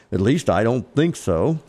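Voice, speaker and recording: A man with a Texan accent preaching a sermon, reading scripture in slow, emphatic phrases. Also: medium pitch, big pitch swings, dark tone, slightly rough. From Texas.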